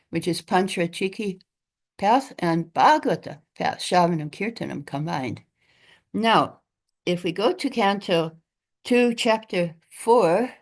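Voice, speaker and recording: Woman leading a temple scripture class, lowish voice, slow and pausey. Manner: unhurried, pausing often between phrases. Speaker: class speaker.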